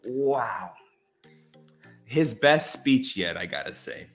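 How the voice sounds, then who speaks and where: A man co-hosts a casual film podcast in a medium-pitched, fairly bright voice that is very animated yet slow-paced. Faint music plays behind him as he speaks emphatically and passionately, often restarting.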